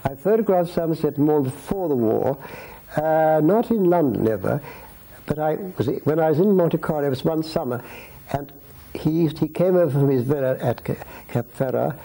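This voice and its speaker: A man's voice: fairly high pitch, animated, normal speed, vocal fry, mellow, poor audio. A man in his eighties telling long rambling stories about his past in a filmed interview at his home. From Scotland. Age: 80s. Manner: rambling, anecdotal, with restarts and asides. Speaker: interviewee, society photographer.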